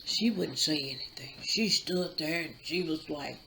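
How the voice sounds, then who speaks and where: A woman's voice: sits low, vocal fry, pushed and bright, a little hiss or hum, rough recording. A woman hosting her channel, chattily retelling a movie plot with asides. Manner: chatty, drawn-out storytelling with asides. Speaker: YouTube channel host.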